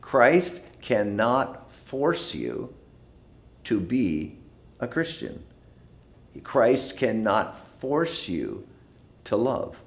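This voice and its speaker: A man leading a church Bible study, who talks slowly and repeats phrases for emphasis. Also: mid-range voice, sing-song, vocal fry. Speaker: pastor.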